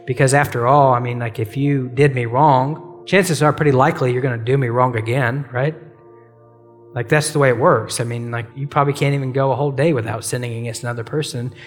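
A man's voice: mid-range voice, fairly even intonation, brisk, in a large hall, soft background music. A man teaching on a Bible passage in a casual, conversational way, often saying "like" and "you know" and acting out quoted prayers and apologies.

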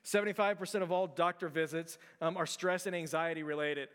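A man's voice: fairly high pitch, steady tone, fairly quick, a bit bright, clear, resonant tone. A man preaching a sermon to his church in a conversational way, with fillers and restarts. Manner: conversational, repeats words, frequent fillers and restarts. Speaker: pastor. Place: large church hall. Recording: long hall reverb.

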